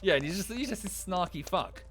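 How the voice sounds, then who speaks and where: A man's voice: high-pitched, expressive, fairly quick, fairly bright tone, faint music behind. A man with a British accent chatting casually on a livestream while playing a game, rambling with enthusiasm and swearing freely. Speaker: streamer.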